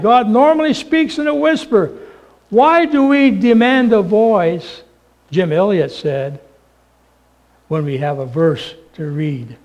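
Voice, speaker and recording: A man preaching a sermon, swinging from loud, emphatic points down to a hushed near-whisper. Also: sits high, slow, dull audio. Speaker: pastor.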